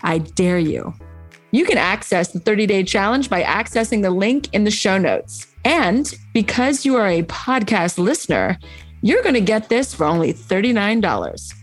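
A woman's voice: medium pitch, very animated, normal speed, faint music behind. A woman hosting a podcast, speaking in an enthusiastic, motivational way. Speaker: podcast host. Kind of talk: upbeat podcast promo and interview.

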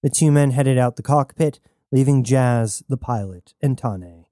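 Guy reading a story out loud, mellow warm tone, dead dry sound. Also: medium pitch, measured pace, no room sound. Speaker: audiobook narrator. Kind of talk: scripted story narration.

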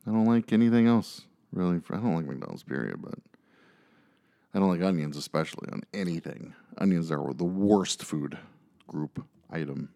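A man's voice: deep voice, lively intonation, moderate pace, gravelly, dark tone. A man co-hosting a podcast, telling stories in casual chat with lots of fillers and jokey asides. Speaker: podcast co-host.

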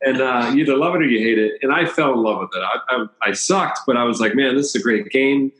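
A man's voice: mid-range voice, fairly quick, fairly bright tone. Chatty man telling stories in a roomy space. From Washington, D.C. area. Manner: chatty, anecdotal, laughs between stories. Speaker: chiropractor. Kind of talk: casual storytelling interview. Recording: roomy echo.

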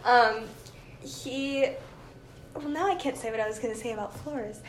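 A woman's voice: on the high side, moderate pace. A woman co-hosting a podcast, chatting casually with lots of fillers and giggles. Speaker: podcast co-host. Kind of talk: casual chat. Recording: roomy with faint hiss.

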